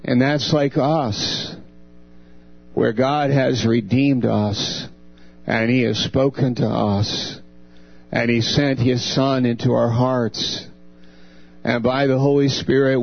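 Man, preacher, sermon, earnest, gravelly, dull lo-fi recording with hum. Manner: earnest, dramatizes God's words with raised pitch.

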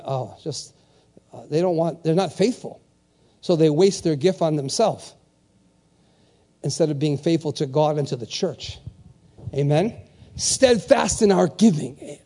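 High-voiced emphatic male preacher. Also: a little mellow. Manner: emphatic, repetitive, calls for amens. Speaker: pastor. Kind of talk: sermon.

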